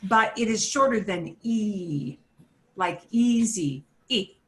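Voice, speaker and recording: A woman teaching a beginner Spanish class, slowly sounding out each word for her students to repeat. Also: mid-range voice, animated. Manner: slow, drawn-out modeling of words for students to repeat. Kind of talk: beginner language lesson.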